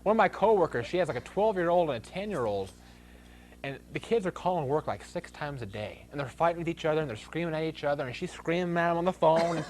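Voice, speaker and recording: A man's voice: fairly high pitch, lively intonation, fast, darkish tone, a little hiss or hum. A man hosting a talk show, ranting comically and bursting into shrieks and laughter. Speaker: host.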